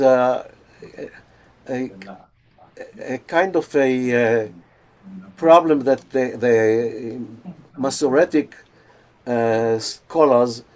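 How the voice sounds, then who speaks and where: An older man giving an academic lecture over a video call, pausing often with fillers and restarts. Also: medium pitch, darkish tone. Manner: hesitant, many fillers and restarts.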